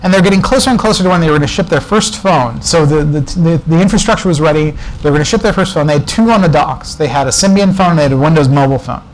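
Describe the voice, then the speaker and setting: Speaking quickly with few pauses, this guest speaker at a developer meetup has a voice on the high side. In a presentation room before an audience, he spins a loose, digressive anecdote peppered with jokes and asides, conference-talk style. The audio is poor, with a little hiss or hum.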